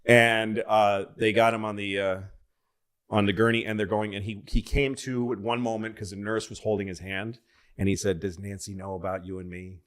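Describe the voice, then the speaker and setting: A man on a comedy podcast telling a long rambling story in casual chat, profane and loose, breaking into loud excited bits. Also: lowish voice, normal speed. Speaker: podcast co-host.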